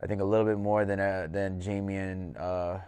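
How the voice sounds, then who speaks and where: A man's voice: deep voice, level tone, normal speed, a little mellow, smooth, dry recording. A man hosting a podcast, telling a casual, profane story as a fight coach and acting out the dialogue as he goes. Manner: loose and profane, acts out quoted dialogue.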